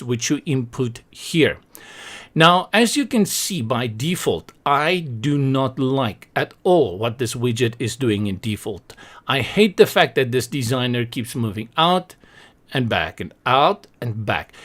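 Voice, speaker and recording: A man hosting a web design tutorial, talking casually over a screen recording with joking asides and a self-deprecating manner. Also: mid-range voice.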